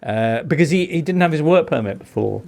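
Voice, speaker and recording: A man's voice: fairly high pitch, animated, brisk, vocal fry, darkish tone. A man hosting a football podcast, leading segments in a jokey, casual way. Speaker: podcast host. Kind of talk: casual chat.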